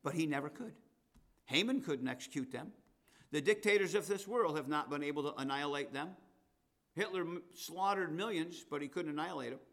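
A man's voice: fairly high pitch, a little fast. Emphatic preacher man. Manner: emphatic, rising to loud declarations and dropping to asides. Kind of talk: sermon.

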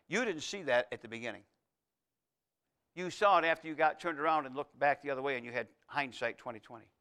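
A male pastor preaching a sermon. He builds emphatic repeated phrases, then drops to a soft, intimate tone. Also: medium pitch, fast, smooth. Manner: preaching with rising, emphatic repetition.

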